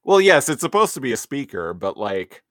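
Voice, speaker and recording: A man's voice: medium pitch, big pitch swings, moderate pace, a bit bright, no room sound, studio quality. A man in his thirties chatting casually on a podcast, rambling with lots of fillers and laughing often. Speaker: podcast co-host. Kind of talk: casual chat.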